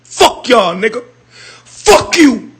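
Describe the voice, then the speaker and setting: A man in an emotional rant, furious and tearful, shouting profanity. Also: very high-pitched, very animated, slow pace, noisy background.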